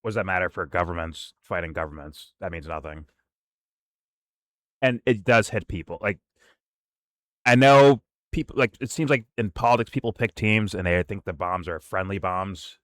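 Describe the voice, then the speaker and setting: Brief: male reaction host, low-ish voice, dry close sound, heated and sarcastic. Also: fairly even intonation, normal speed, fairly bright tone, no room sound. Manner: heated, sarcastic, mocks others in put-on voices. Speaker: commentary show host. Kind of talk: profane political reaction commentary.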